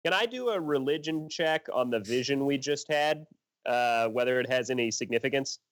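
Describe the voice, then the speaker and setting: A man's voice: medium pitch, moderate pace, fairly bright tone. A man playing in a tabletop game, casual chat with short, plain questions. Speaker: player.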